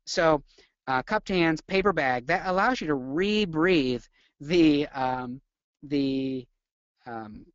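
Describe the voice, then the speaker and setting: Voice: mid-range voice, no echo, highs cut off. A nursing lecturer giving a live webinar, full of energy, quizzing the viewers and acting out symptoms.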